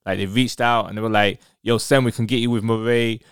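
Guy hosting a podcast, hyped and chatty, smooth clear voice, dry close sound. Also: on the low side, fairly even intonation, fairly quick, no echo. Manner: enthusiastic, effusive. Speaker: podcast host. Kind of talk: casual interview.

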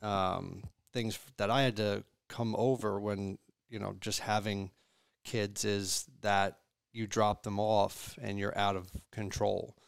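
A man guest and parent in a podcast interview, reflective and halting. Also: lowish voice, level tone, vocal fry, clear, resonant tone, dry recording, clean studio sound. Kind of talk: conversational interview.

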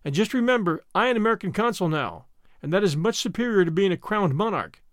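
A man reading the part of a calm, wry companion who speaks soothingly. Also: high voice, quick pace, no room sound, studio quality.

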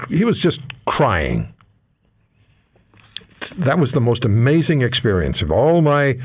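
A man's voice: medium pitch, husky. An older man, hosting a radio talk show and telling a story in an easy conversational way with fillers.

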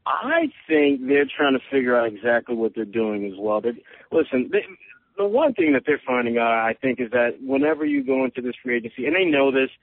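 A man's voice: mid-range voice, sing-song, brisk, vocal fry, no room sound. A man, a sports reporter calling into a podcast, giving analysis with frequent stammering restarts. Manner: thinking aloud, stammering restarts. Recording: tinny phone line.

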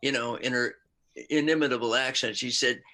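A man's voice: mid-range voice, fairly even intonation, a little fast, pushed and bright. An older man, an actor and musician, chatting casually in an interview, rambling with asides and frequent laughs.

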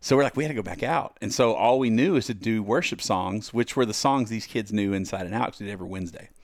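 A man's voice: fairly low pitch, fast talker, no echo, studio quality. A man on a podcast as the guest musician, telling stories and acting out the voices of the people in them. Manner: lively storyteller acting out quoted voices. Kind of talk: podcast storytelling.

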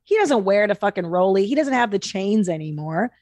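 A woman hosting a podcast, talking in a blunt, swear-heavy, animated way. Her pitch sits in an ordinary middle range. The studio sound is close and dry. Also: a little fast, no room sound. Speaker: podcast host. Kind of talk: casual podcast chat.

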